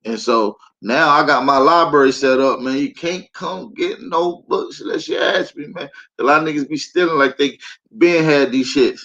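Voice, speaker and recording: A man's voice: a little high, normal speed, fairly bright tone, dull audio, a little hiss or hum. Laid-back man hosting a livestream. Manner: laid-back slang, addresses the chat directly. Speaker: show host. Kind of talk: casual livestream chat.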